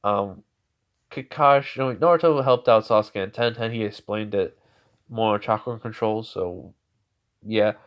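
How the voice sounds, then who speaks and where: A man's voice: fairly low pitch, a little slow. A man narrating an improvised fan story in a rambling way, full of fillers and restarts. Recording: dull lo-fi recording.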